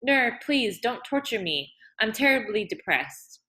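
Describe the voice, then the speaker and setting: A woman's voice: on the high side, big pitch swings, measured pace, bright, forceful tone, pitched above the performer's own voice, heavily acted, poor audio. A woman reading aloud and voicing a hunted male outlaw, bitter and defiant, with tense, clipped replies.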